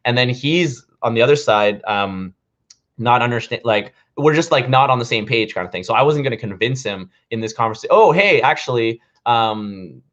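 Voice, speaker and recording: A man's voice: mid-range voice, fairly quick, fairly bright tone. A man in his thirties, a comedian, chatting casually to camera in a rambling way, with lots of fillers and restarts, in a dull lo-fi recording. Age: 30s. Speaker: vlogger and comedian.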